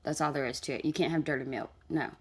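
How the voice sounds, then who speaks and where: A woman delivers reaction commentary in a slightly low voice, blunt and scolding. She talks back at the clips she plays and lays out her opinion with plain force. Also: steady tone, fast talker, breathy edge. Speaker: commentary vlogger.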